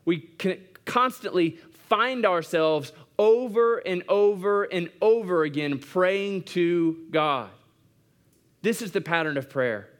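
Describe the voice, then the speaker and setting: Male pastor, high-set voice, chatty sermon delivery that circles back on its points. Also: animated, takes it slowly. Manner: conversational, repeats phrases for emphasis. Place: church service.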